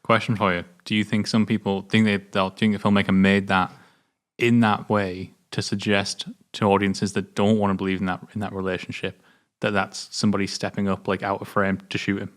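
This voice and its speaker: British man, lowish voice, thoughtful casual film talk, questioning, lots of "like". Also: flat delivery, a little fast. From Britain. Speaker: film review show co-host.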